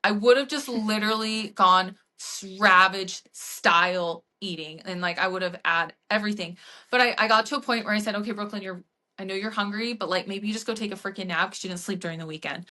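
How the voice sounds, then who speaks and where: Bright-voiced woman fitness coach chatting. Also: mid-range voice, a little fast. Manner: animated storytelling with frequent "like" and acted-out quotes. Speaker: podcast host and fitness coach. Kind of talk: casual podcast chat.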